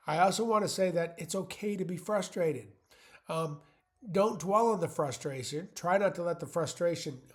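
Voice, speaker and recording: Male channel host, voice a touch high, in-your-face and unpolished, loose motivational monologue. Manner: blunt, plain-spoken; rambling, many fillers and restarts.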